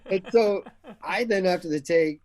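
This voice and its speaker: A man as a guest actor in an interview, telling casual stories with animated energy, acting out the quoted dialogue and laughing often. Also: high voice, normal speed.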